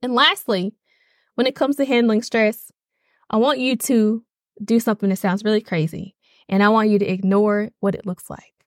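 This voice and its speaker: A woman's voice: mid-range voice, fairly even intonation, normal speed, no echo, studio quality. A woman hosting a faith podcast in a casual, emphatic way, often checking in with her listeners. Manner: conversational, emphatic, checks in with "okay?". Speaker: podcast host.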